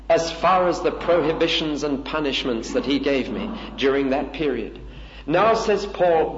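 A man's voice: fairly high pitch, a little hiss or hum. Male preacher, emphatic sermon delivery, roomy echo. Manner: earnest, emphatic preaching with rhetorical questions. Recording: roomy, dull lo-fi recording.

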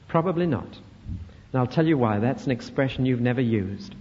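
A man's voice: medium pitch, lively intonation, brisk. A British man preaching a sermon, emphatic and fond of repeated rhetorical questions. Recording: dull recording in a reverberant hall.

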